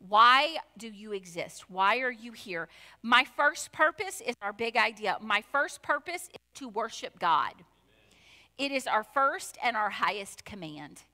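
A woman's voice: fairly high pitch, animated, unhurried, pushed and bright, in a large hall. A woman pastor preaching a conversational sermon, full of asides and rhetorical questions. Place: church sanctuary.

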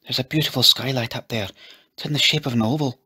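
A man voicing a bold, matter-of-fact young girl who speaks in a soft, steady whisper. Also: mid-range voice, quick pace, slightly rough, voice pushed up.

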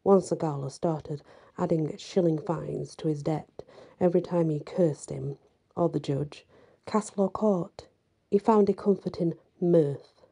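A woman reads a story aloud in a soft narrating manner. Her voice is very dark and mellow, with a husky, breathy quality. Some passages fall to a whisper. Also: low voice, measured pace. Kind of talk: storybook reading.

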